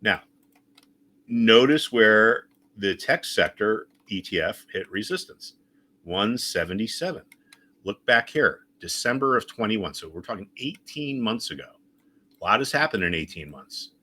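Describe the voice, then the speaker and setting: A man's voice: fairly low pitch, expressive, a little slow, pushed and bright. A man teaching a chart lesson on a screen share, speaking emphatically and repeating his key points. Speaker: trading educator.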